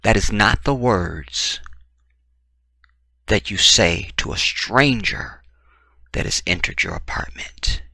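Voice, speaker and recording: A man giving opinionated true-crime commentary, talking in an emphatic, animated way with blunt, profane remarks. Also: fairly low pitch, takes it slowly, vocal fry, long pauses, slightly rough, no room sound. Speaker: commentary vlogger.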